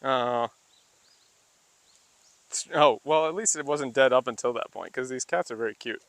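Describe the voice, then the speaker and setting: A man vlogging on a walk, speaking casually and cooing at cats in a high baby voice between laughs. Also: measured pace, fairly bright tone, no room sound. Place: outdoors in a small town street.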